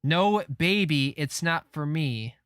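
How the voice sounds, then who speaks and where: A man reading the lines of a determined young woman who is leaving the boy she raised, in a slow, earnest delivery. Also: fairly high pitch, animated, fairly bright tone, clean tone, dry recording, clean studio sound.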